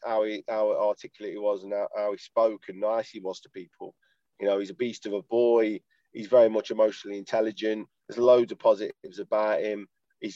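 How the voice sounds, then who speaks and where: Sitting in his parked car, a one-time footballer joins a podcast by video call and rambles, laughs and swears through the casual conversation. His voice is lowish and warm; the recording is dry, and the call audio dull and lo-fi.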